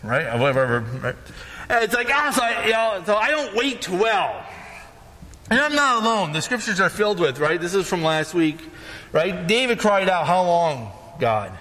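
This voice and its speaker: A man's voice: high-pitched, lively intonation, moderate pace, bright, forceful tone, in a large hall. A man preaching a casual sermon as pastor, talking conversationally and often checking in with "right?".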